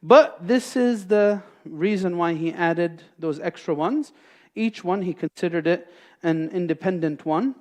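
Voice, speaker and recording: A male Islamic teacher gives a classroom lecture at a mosque, his voice high-pitched, unhurried, and a little mellow. He explains each point by posing questions and then answering them himself.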